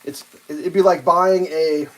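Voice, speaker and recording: A man's voice: on the high side, steady tone, a little slow. A man casually rambling through a story on a live stream, swearing freely and acting out what others said in a raised voice. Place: home kitchen while cooking.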